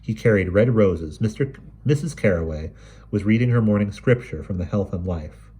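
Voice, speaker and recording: Deep husky man reading a story aloud. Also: expressive, moderate pace, mellow. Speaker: reader.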